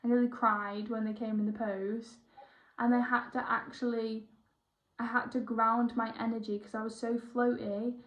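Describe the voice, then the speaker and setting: A young woman, a spiritual healer chatting excitably through a one-on-one session, rambling and correcting herself as she goes. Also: a little high, normal speed. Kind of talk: casual one-on-one session chat. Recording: roomy, dull lo-fi sound.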